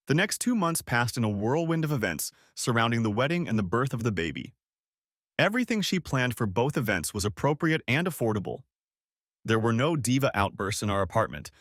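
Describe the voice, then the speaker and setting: A man reads a first-person story aloud in audiobook style, with a pitch that moves freely up and down. His voice sits in the middle of the range and sounds close and dry, with no room in it. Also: fairly quick, dry recording. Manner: steady storytelling. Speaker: story narrator.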